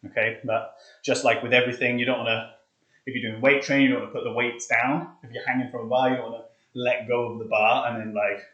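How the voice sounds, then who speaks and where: A man's voice: medium pitch, little pitch movement, quick pace, a bit bright, highs cut off. A young man leading a live workout, chatting casually and counting reps aloud, out of breath. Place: hot flat, indoors. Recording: echoey room.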